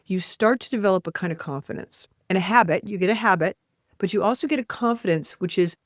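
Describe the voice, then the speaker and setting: A woman's voice: medium pitch, quick pace, no echo, studio quality. A woman author as an interview guest, leading a guided exercise in an emphatic, blunt manner and swearing freely. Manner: animated, acting out voices in quotes.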